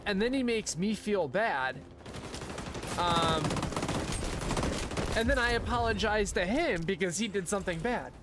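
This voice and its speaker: A man's voice: sits high, lively intonation, unhurried, pauses often, noisy background. A young man chatting casually while streaming a game, rambling with lots of asides. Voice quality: rambling, full of fillers and asides. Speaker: livestreamer. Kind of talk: casual chat while gaming.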